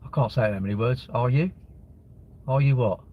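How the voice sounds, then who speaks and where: A man's voice: mid-range voice, moderate pace, lo-fi sound, slight background noise. A man chatting casually on a live stream, reading viewers' comments aloud and mocking trolls bluntly.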